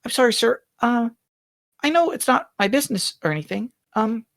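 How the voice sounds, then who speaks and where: A woman's voice: a little high, lively intonation, normal speed, vocal fry, no echo, studio quality, pitched above the performer's own voice. A woman voicing a meek, polite young female shop assistant who speaks hesitantly and apologetically.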